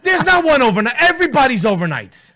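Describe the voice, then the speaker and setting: A man's voice: very high-pitched, fast talker. A middle-aged man co-hosting a radio show, telling crude comic stories full of swearing and acted-out voices. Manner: profane, animated storytelling, acts out voices. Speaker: radio co-host. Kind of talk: casual comedic banter.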